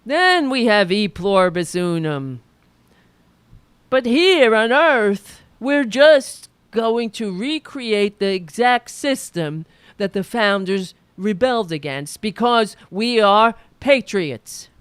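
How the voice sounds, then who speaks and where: A woman's voice: medium pitch, sing-song, slow, clear, resonant tone, no room sound. Sardonic woman comedy host. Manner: sardonic, lecturing. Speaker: podcast host. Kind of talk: political comedy commentary.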